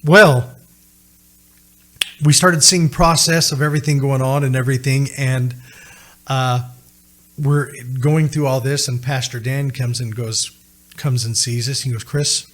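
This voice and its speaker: A man's voice: medium pitch, fairly even intonation, a little slow, pauses often, fairly bright tone. A middle-aged man telling a personal story as a podcast guest, acting out the voices of the people he quotes.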